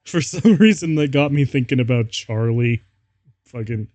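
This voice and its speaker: A man's voice: mid-range voice, lively intonation, normal speed, darkish tone, no echo. A male streamer reading fan fiction aloud, amused and laughing often.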